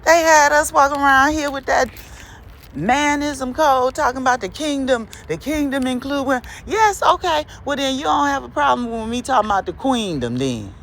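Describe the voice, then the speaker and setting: A woman hosting her podcast, preaching in an emphatic monologue full of rhetorical questions and laughs, with dramatic swings between high and low. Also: expressive, normal speed, fairly bright tone, slight background noise. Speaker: podcast host.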